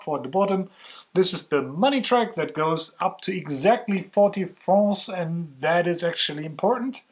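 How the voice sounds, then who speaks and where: A man co-hosting a board game vlog who explains the rules with dry, wry humor. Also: on the high side. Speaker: co-host.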